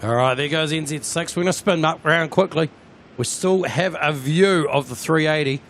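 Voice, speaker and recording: A man with a New Zealand accent, hosting a live plane-spotting stream, chatty and excitable as he talks to his viewers outdoors at an airport. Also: fairly high pitch, moderate pace, slight background noise.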